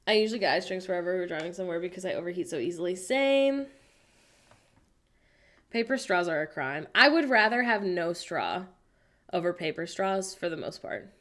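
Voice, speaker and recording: An American woman hosting a casual livestream, chatting playfully and reading viewers' messages aloud with animated, self-mocking humor. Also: on the low side, normal speed. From United States. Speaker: livestream host reading chat. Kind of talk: casual chat.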